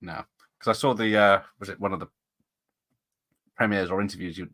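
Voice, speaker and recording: A man's voice: low-pitched, steady tone, brisk, fairly bright tone. A man hosting an interview, asking casual, chatty questions and laughing along. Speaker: host.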